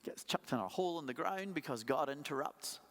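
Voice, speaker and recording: A pastor preaching a sermon, telling stories in a conversational way with playful asides. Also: male voice, fairly high pitch, lively intonation, brisk, a bit bright. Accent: non-local accent. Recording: long hall reverb.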